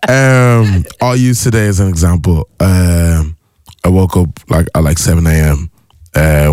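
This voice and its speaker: A young man with a very deep, low voice tells stories in a relaxed interview. He gets excitable and acts out his own reactions along the way. The sound is dry and close, with no room around him. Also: dry recording. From Ireland. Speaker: musician guest. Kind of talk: casual interview chat.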